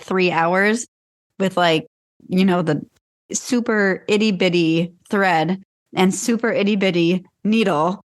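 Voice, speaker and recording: A young woman co-hosting a podcast, a teacher chatting candidly and wryly. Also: on the low side. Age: young adult. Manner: wry, candid, laughing between lines. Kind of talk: casual chat.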